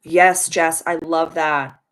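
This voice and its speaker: Taking it slowly in a low voice with fairly even intonation, a young adult woman hosts a live stream and gives a casual tarot reading. The recording is low quality, and she is chatty and affirming, leaning on spiritual wording and frequent "like."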